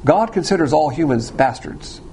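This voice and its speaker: A man preaching a sermon, blunt and provocative, swinging between loud emphasis and quiet asides. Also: on the high side, animated, moderate pace, a little hiss or hum.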